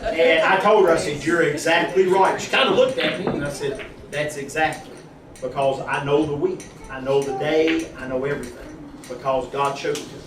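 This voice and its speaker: A man's voice: on the high side, normal speed, noisy background. A man telling a church congregation a personal testimony, acting out the conversations he quotes. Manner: animated storytelling, acting out quoted dialogue. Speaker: husband giving a church testimony. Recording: echoey room from far off with a crowd.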